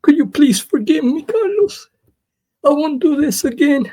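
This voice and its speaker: A man's voice: expressive, measured pace, dark tone, no echo, rough recording. A man mocking a sobbing wrestler begging forgiveness. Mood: sobbing, pleading. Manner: high whimpering plea.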